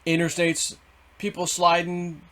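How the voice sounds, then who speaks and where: A middle-aged man telling a story in a rambling, excitable way, swearing and then softening his words. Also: on the high side, measured pace. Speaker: vlogger. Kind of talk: casual storytelling.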